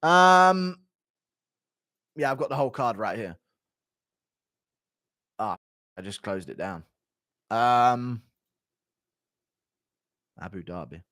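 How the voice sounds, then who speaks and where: A young man in his mid-twenties hosts a casual livestream. His pitch swings around a lot as he reads donations and jokes bluntly with chat, and the sound is dry and close with no room echo. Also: a bit bright. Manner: blunt, offhand, banters with chat. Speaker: livestream host.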